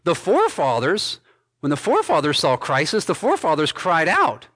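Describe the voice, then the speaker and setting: A man pastor preaching an expository sermon, reading scripture aloud and commenting on it with emphatic stresses and quiet endings. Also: on the high side, wildly swooping pitch, normal speed. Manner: emphatic preaching, swinging between loud stresses and dropped soft endings.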